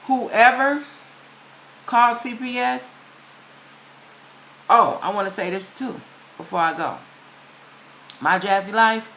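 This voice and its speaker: A woman's voice: a little high, slow pace, pauses often, a bit bright, a little hiss or hum, poor audio. A woman vlogger talking straight to her viewers in casual commentary, emphatic and repeating her key phrases as she lectures them. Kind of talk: casual direct-to-camera commentary.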